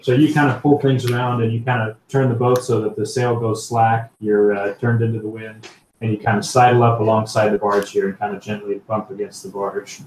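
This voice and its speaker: A man's voice: fairly low pitch, level tone, fairly quick, a little mellow. A man narrating as game master of a tabletop game, rambling with many fillers. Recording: roomy, distant mic, faint noise.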